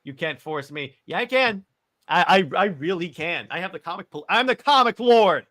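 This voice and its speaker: A man's voice: high-pitched, animated, normal speed, pushed and bright. A man hosting a casual live stream, teasing and needling his co-host playfully.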